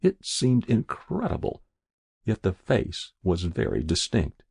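A man narrating a story in an expressive, characterful way, with a husky voice. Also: sits low, slow pace, dry recording, clean studio sound.

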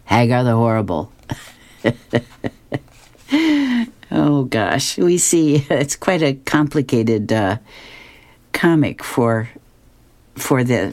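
A woman's voice: very deep voice, darkish tone. A woman radio host reading comic strips aloud, chuckling as she goes.

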